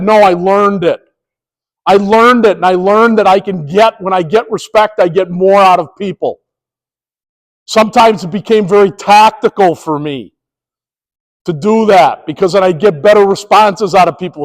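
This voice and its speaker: A man's voice: high voice, big-room sound, low-quality recording. A middle-aged man, a former police officer, giving a presentation to sports officials, telling stories and acting out quoted dialogue. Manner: storytelling, animated, acts out quoted dialogue.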